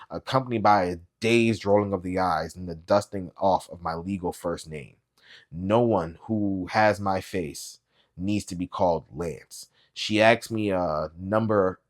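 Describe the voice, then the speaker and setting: A man reading a novel aloud as a booktube reader, with quiet, low-key, even narration.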